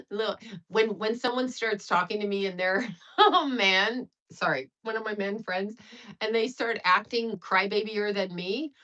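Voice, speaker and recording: Blunt, bright-voiced older woman livestreaming. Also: medium pitch, lo-fi sound. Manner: blunt, profane, laughing, rambling. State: sweating. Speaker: livestream host and astrologer. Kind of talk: casual livestream chat.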